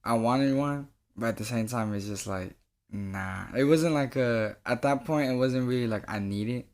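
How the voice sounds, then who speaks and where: A young man in a casual podcast chat, laid-back and slangy. He reacts quickly and swears easily. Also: mid-range voice. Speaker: podcast co-host.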